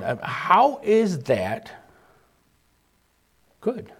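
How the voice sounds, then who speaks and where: A man's voice: medium pitch, sing-song, slow, long pauses. A man preaching a sermon, repeating key phrases for emphasis and acting out the voices of people he quotes.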